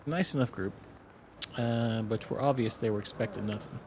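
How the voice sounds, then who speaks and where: A man's voice: lowish voice, normal speed, a crowd in the background, natural voice. A man voicing a pompous, boastful male innkeeper who tells tales in theatrical, old-fashioned speech while reading game dialogue aloud. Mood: storytelling.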